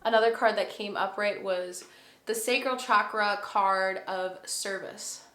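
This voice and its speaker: Bright-voiced woman doing a tarot reading on camera, chatty and thinking out loud, bit of room echo. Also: medium pitch, fairly even intonation, a little slow. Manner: chatty, thinks aloud, gushing bursts. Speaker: tarot reader. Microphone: camera mic.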